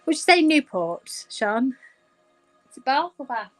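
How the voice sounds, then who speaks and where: Chatty british woman selling crystals on a live stream, bit high pitched, teasing her co-host. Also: sing-song, music in the background. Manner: chatty, teasing, slows down to read out items. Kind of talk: casual live-stream sales chat.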